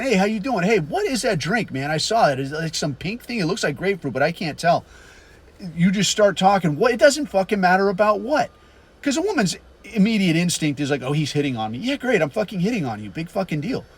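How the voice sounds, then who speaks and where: A brash man with a slightly raised pitch delivers a loose, swear-filled podcast monologue. He talks bluntly and casually, and slips into other people's voices when he tells a story. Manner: animated storyteller, acts out quotes. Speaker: podcast host.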